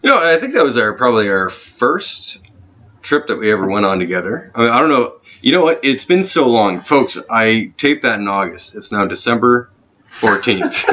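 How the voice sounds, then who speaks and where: A man's voice: fairly low pitch, pushed and bright, highs cut off. Rambling young man telling a story. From Canada. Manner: rambling, self-deprecating, with many restarts. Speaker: podcast co-host. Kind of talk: casual storytelling.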